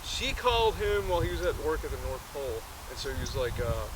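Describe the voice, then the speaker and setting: A man's voice: fairly high pitch, sing-song, quick pace, hardly any pauses, a little hiss or hum, rough recording. A man casually retelling a movie, rambling with many fillers and self-corrections.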